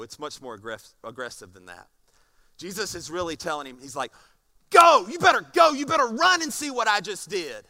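A pastor preaching a sermon to a congregation, animated and acting out scenes, moving from soft tones to loud passages. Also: male voice, mid-range voice. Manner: animated, swings from soft to shouting. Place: church stage before a congregation.

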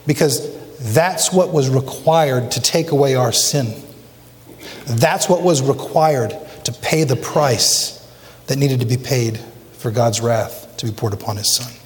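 A man's voice: mid-range voice, unhurried, darkish tone, slight background noise. A male pastor preaching emphatically in a church, asking the congregation rhetorical questions. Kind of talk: sermon. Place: church sanctuary. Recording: long church reverb.

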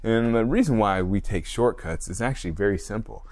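Man, fitness podcast host, lowish voice, loose rambling talk, quick laughs, lots of fillers. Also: lively intonation, a little mellow. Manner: rambling, self-correcting, frequent laughs and fillers. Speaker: personal trainer. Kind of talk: casual solo podcast monologue.

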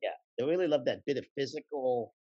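A man, a guest actor, talks casually in an interview and tells anecdotes in a relaxed, rambling way, laughing often. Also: medium pitch, brisk, no room sound, lo-fi sound.

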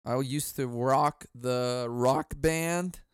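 A man hosting his own podcast talks loosely and profanely, laughing often and now and then breaking into loud mock yelling. His voice is smooth and clear at an ordinary pitch, recorded dry and close on a boom mic at home. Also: drawn-out words, no echo. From Southern California. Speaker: podcast host. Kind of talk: casual solo podcast chat.

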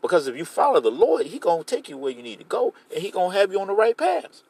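Animated high-voiced man preaching. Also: fast, slightly rough, dry recording. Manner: animated preaching, paraphrasing scripture in casual street talk. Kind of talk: sermon.

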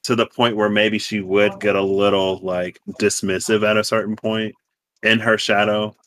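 Male co-host, bright and dry-voiced, lively and playful in casual chat. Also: lowish voice, normal speed, no echo. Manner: animated, expressive, playful, with slang and laughs. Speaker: podcast co-host.

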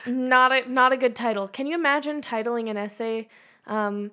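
A woman's voice: on the high side, moderate pace, pushed and bright. A young woman co-hosting a podcast, reading a silly review aloud with dry asides and giggles. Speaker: podcast co-host.

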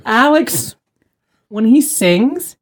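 A woman's voice: a little high, expressive, extremely slow. A woman hosting a podcast, chatting and teasing her husband, often laughing. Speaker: podcast host. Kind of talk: casual podcast chat.

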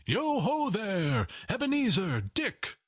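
A man's voice: sits high, huge pitch swings, slow, no echo, clean studio sound, voice pushed up, exaggerated voice. A man voicing a hearty, jovial, fat old male merchant who calls out cheerfully, in an audiobook reading. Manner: calling out loudly, cheerful. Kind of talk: audiobook character voice.

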